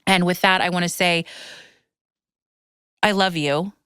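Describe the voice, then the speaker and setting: This woman in her thirties hosts a podcast, and her lowish, fairly even voice comes at a measured pace with a slightly bright, clear, resonant tone. The podcast-mic recording is clean studio sound with no room sound. In casual chat she rambles emotionally through stories, tearing up as she goes.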